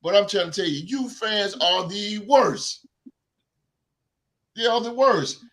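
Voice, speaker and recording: Animated high-voiced man ranting about sports. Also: takes it slowly. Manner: animated, emphatic, repeats himself. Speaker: podcast host. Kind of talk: sports talk rant.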